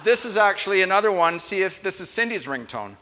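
Young man, pastor, high voice, playful chatty sermon, long church reverb. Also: big pitch swings, fast talker, background noise. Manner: playful, chatty, teasing the congregation. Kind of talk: conversational sermon. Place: church sanctuary.

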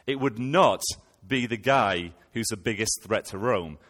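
A man's voice: lowish voice, a little slow, fairly bright tone, long reverb tail. A man preaching a sermon, retelling scripture and posing rhetorical questions to his listeners.

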